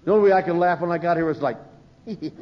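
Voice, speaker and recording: A man's voice: a little high, quick pace, slight background noise. An older man speaking at a recovery meeting, telling humorous stories and acting out the voices he quotes. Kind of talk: storytelling talk from a podium. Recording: dull lo-fi live recording.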